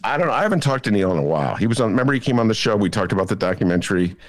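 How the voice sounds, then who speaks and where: A man's voice: fairly low pitch, big pitch swings, racing, no room sound. A man from Chicago hosting a podcast, talking in a rambling, opinionated way with lots of fillers. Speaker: podcast host. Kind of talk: casual political chat.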